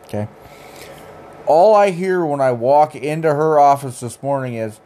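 A man's voice: a little high, measured pace, warm tone. A young adult man co-hosting a casual podcast, joking, teasing and swearing casually. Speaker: podcast co-host. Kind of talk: casual chat.

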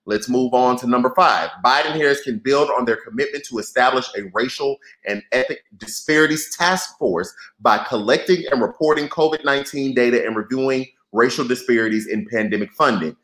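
A man hosting a live political podcast, reading and reacting to viewers in a lively, direct way. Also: mid-range voice, a little fast, hardly any pauses, roomy sound, poor audio. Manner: animated, talks straight to viewers. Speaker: podcast host. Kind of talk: live-stream political commentary.

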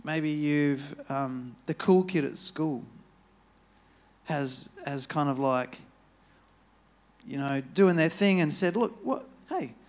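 A man's voice: a little high, slow, long pauses. A man giving a sermon in a chatty, storytelling way, speaking into a microphone in a church. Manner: casual, chatty retelling with acted-out quotes. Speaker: preacher.

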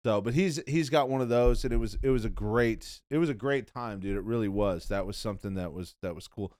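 A man's voice: on the low side, brisk, darkish tone, no room sound, clean studio sound. Rambling, profane man hosting a podcast. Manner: rambling, profane, says "bro" and "dude" often. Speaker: podcast host. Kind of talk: casual chat.

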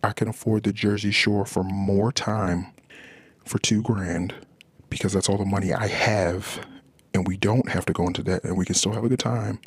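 Low gravelly man venting. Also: flat delivery, brisk, no room sound. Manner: rambling, frustrated venting. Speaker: podcast host. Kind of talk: personal monologue about marriage.

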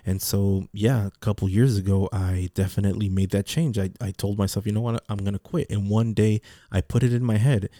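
A man's voice: on the low side, fairly even intonation, moderate pace, hardly any pauses, dark tone. A man talking casually in a rambling monologue, repeating words and restarting his sentences. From Mexican heritage.

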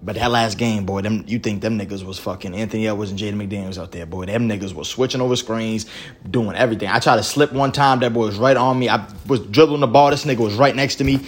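A man's voice: lowish voice, quick pace. A man co-hosting a podcast, retelling a pickup basketball game in casual, profane slang. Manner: animated storytelling, profane slang. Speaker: podcast co-host. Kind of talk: casual chat.

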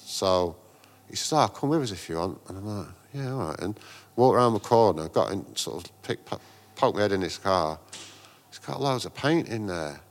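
A man's voice: fairly low pitch, animated, normal speed. A man in a casual interview, telling rambling anecdotes full of slang and restarts. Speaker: guest, graffiti artist and painter.

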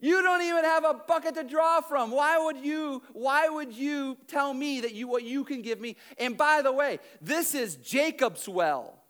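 A man's voice: very high voice, very fast, few pauses, pitched above the performer's own voice. A man voicing a sarcastic, defensive woman at a well, talking in an incredulous, mocking way. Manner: incredulous, mocking, rising and pushy.

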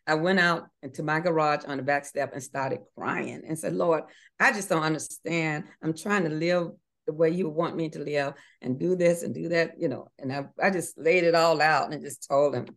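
A woman's voice: sits low, normal speed. A middle-aged woman giving an earnest faith testimony in an interview, with fillers and restarts, acting out voices in her story.

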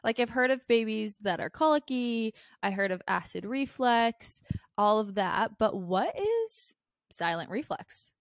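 Enthusiastic woman podcast host, higher voice. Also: sing-song, measured pace, dry recording, studio quality. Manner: enthusiastic, curious. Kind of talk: casual podcast chat.

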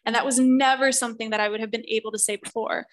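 A woman's voice: a little high, fairly even intonation, quick pace, no room sound, rough recording. A woman in her thirties, a relationship coach speaking as a podcast guest, talking earnestly and with emphasis, and acting out the voices she quotes. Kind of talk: podcast interview conversation.

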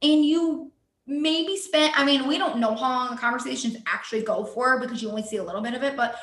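A woman's voice: high-pitched, brisk, a bit bright, roomy sound. A young woman co-hosting a podcast in casual chat, talking chattily with many "like" fillers. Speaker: podcast co-host.

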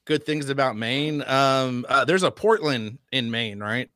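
Bright-toned joking man. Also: medium pitch, measured pace, dry recording, clean studio sound. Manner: joking, hesitant, full of fillers. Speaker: podcast co-host. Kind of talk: casual chat.

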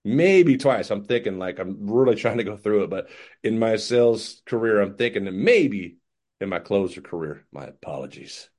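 A man giving casual sales coaching, lively and acting out customer conversations. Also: fairly low pitch, normal speed. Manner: animated, acts out customer dialogues.

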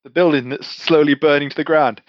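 A man's voice: a little high, fairly even intonation, fairly quick, dry recording. Man, player in character, casual swearing banter, dull dry audio. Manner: matey, swearing, laid-back banter. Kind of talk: in-character tabletop role-play. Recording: slightly muffled, dry sound.

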